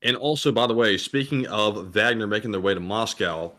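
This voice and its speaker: A man co-hosting a casual livestream chat, reading viewer donation messages aloud in a relaxed manner. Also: on the low side, brisk.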